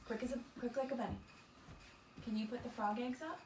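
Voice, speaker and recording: A woman's voice: fairly high pitch, fairly even intonation, a little fast, a little mellow. A woman teaching a small-group lesson to children, upbeat and encouraging, calling them friends. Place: indoor room with children nearby. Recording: roomy, distant, noisy.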